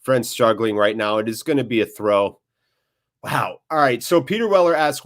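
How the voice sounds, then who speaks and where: A man hosting a live football watchalong, chatting casually, joking, getting excited and reading out viewer comments. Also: medium pitch, normal speed. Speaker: watchalong host.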